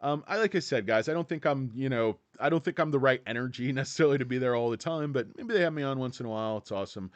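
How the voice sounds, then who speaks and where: A man's voice: medium pitch, fast talker, hardly any pauses, no echo. A man hosting a casual stock-market livestream, rambling and joking as he talks straight to his chat.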